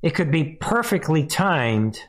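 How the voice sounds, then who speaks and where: A man's voice: on the high side, sing-song, a little slow. A man hosting a live news commentary, mocking the clips he plays, laughing often and speaking straight to his viewers. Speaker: commentary host.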